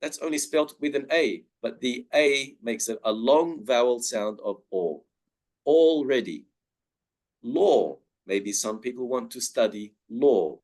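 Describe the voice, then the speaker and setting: In a slow, deliberate webinar on pronunciation, a male presenter lets his pitch swing widely, drawing out every example word.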